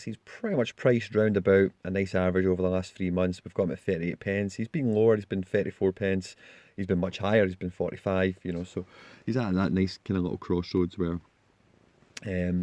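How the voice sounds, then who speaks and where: A man's voice: sits low, darkish tone, no echo. A man hosting a casual fantasy football walkthrough, chatty and tagging his points with "you know" and "okay?". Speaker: channel host.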